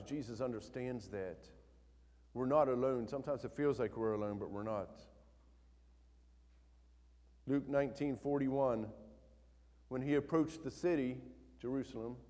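A man preaching a sermon in a church, reading scripture aloud and swinging between soft, low passages and loud, emphatic ones. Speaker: pastor. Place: church sanctuary. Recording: long hall reverb.

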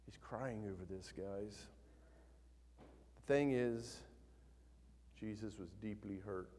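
A man preaching a sermon in a church, reading scripture aloud and swinging between soft, low passages and loud, emphatic ones. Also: slow, slight background noise. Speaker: pastor. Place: church sanctuary. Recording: long hall reverb.

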